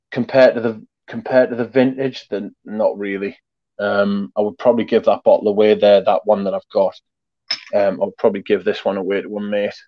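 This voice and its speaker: A man chatting casually about his collection over a video call, rambling with many pauses, restarts and swear words. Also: fairly low pitch, no room sound, dull audio. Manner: laid-back, rambling, many ums and restarts. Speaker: perfume collector guest showing his collection. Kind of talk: casual chat, swearing freely.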